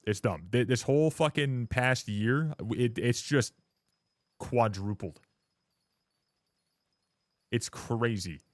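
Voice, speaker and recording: A man's voice: mid-range voice, takes it slowly, pauses often, no echo, studio quality. A young man streaming live, ranting to his chat in a blunt, profane way and mocking other people in put-on voices. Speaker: livestreamer.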